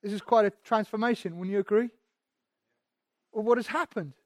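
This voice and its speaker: With a high voice at normal speed, a man delivers a sermon in a dry recording. He uses repetition and rhetorical questions, at times dropping quiet and at times growing loud.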